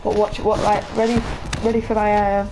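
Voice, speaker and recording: A man giving excitable, chatty commentary over his own gameplay for viewers. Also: high-pitched, moderate pace, background noise. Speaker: gaming video creator. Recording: game sounds loud under voice. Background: gunfire and game announcer.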